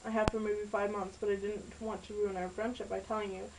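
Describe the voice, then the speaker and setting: In an amateur storybook recording, a woman reads aloud as an earnest teenage boyfriend who keeps apologizing, sounding sweet, devoted, and tender. Her voice sits at an ordinary pitch, close to an everyday voice, with a level tone and brisk pace. Background noise is present.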